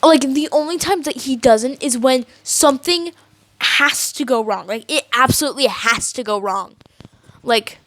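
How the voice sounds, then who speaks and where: A woman's voice: high-pitched, a bit bright, no echo. A teenage girl ranting casually to camera as a vlogger, rambling with many likes and restarts.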